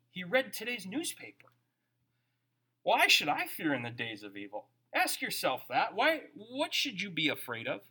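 The man is a pastor giving a sermon, his voice high-pitched. His style is animated and chatty, and he poses questions to those listening.

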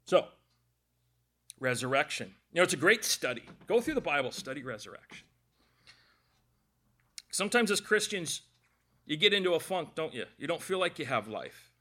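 Joking, storytelling male preacher, fairly high. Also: very animated, moderate pace, long pauses, bright, forceful tone. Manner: jokey storytelling, addresses the congregation directly. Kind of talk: conversational sermon.

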